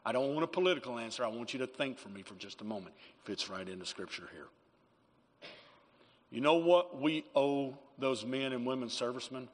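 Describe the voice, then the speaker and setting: A man's voice: medium pitch, animated, a little fast, long reverb tail. A man preaching a sermon as pastor in a church, emphatic, calling for amens from the congregation. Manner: emphatic preaching with call-and-response.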